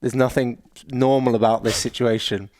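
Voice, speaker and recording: A man's voice: mid-range voice, steady tone, darkish tone, no room sound. Chatty young man, dry sound. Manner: chatty, jokey, quick asides. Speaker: creator and presenter. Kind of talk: casual breakdown chat.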